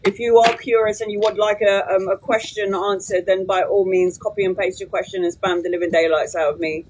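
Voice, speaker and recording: A woman's voice: mid-range voice, steady tone, darkish tone, slight background noise, low-quality recording. A woman in her forties, a tarot reader talking casually and bluntly on a live stream from her phone, swearing freely. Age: 40s. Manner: blunt and sweary, quick to vent.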